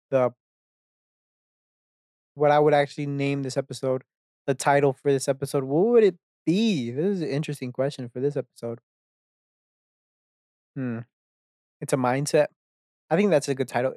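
A man's voice: medium pitch, darkish tone, smooth, dry recording, clean studio sound. A young man hosting his own podcast, rambling through a profane, self-mocking solo rant with lots of restarts. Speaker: podcast host.

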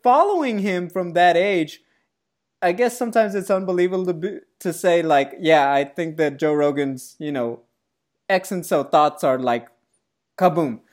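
A woman co-hosting a casual sports podcast, chatting in a playful, joking, animated way. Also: on the low side, moderate pace. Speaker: podcast co-host.

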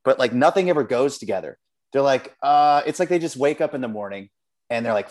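A man's voice: medium pitch, expressive, a little fast, darkish tone. Man ranting profanely on a podcast. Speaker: podcast co-host. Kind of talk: casual chat.

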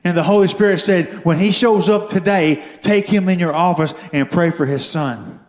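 A man telling a story from his own life as a testimony during a sermon, building to shouted fervor. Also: sits high, normal speed, roomy sound. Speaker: guest speaker giving testimony. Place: church.

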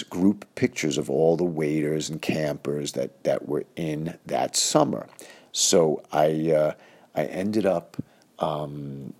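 Man, 50s, casual rambling storyteller, husky voice, many fillers. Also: rumbling low, darkish tone. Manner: rambling, full of uh and um, acts out quoted people.

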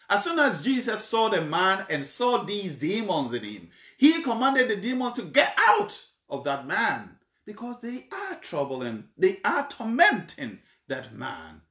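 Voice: medium pitch, wildly swooping pitch, unhurried, fairly bright tone, roomy sound. A preacher explaining a Bible passage in a sermon, repeating points and checking in with the congregation.

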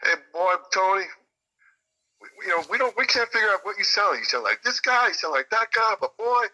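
A man's voice: sits high, expressive, a little fast, pushed and bright, voice pushed up, exaggerated voice, poor audio. A man imitating a hearty old Southern studio musician with an exaggerated drawling twang, folksy and calling people "boy.". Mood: enthusiastic.

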